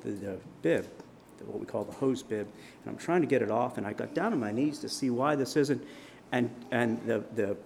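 A man preaching, telling a vivid personal story as a sermon illustration, with dramatic swings in loudness. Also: medium pitch, vocal fry, a little hiss or hum.

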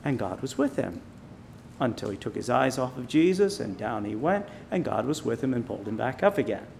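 A man preaching an informal sermon, building up loud on key phrases and dropping quiet on others. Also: mid-range voice, very animated, vocal fry, a little hiss or hum. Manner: emphatic, rising loud on key phrases, slowing on quiet points.

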